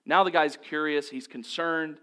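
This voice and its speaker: A pastor delivering a sermon at a church service, earnest and steady, building his points through repeated phrases. His voice sits on the higher side for a man. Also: unhurried, smooth. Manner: earnest, repetitive preaching cadence. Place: church service, also streamed online.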